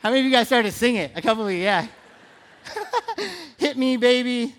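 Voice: medium pitch, very animated, brisk, fairly bright tone. A pastor giving a casual, playful sermon in a church, talking like a friend across the table. This preacher teases the crowd with questions and hammers home key lines by saying them twice. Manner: conversational, playful, asks the audience questions; repeats phrases for emphasis.

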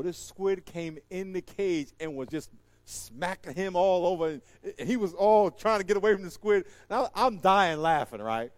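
Brief: male stand-up comic, high voice, dry close sound, animated storyteller who acts out voices. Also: moderate pace, dry recording. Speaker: comedian.

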